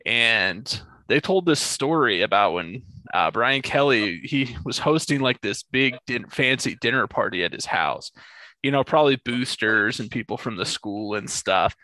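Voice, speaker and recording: A man hosting a casual sports podcast, telling stories in an animated way and laughing often. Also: medium pitch, measured pace, dry recording. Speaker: podcast host.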